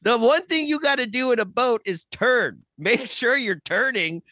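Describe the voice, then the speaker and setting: A man's voice: extremely high pitch, moderate pace, no room sound. A man chatting casually as a podcast guest, telling stories animatedly with plenty of swearing. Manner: profane, animated storytelling.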